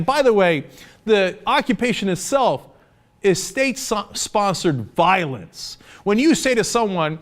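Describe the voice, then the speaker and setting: Indignant American man, higher voice. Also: big pitch swings, unhurried. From United States. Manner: indignant and sarcastic, mocks opponents in put-on voices. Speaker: political commentator. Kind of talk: opinion commentary.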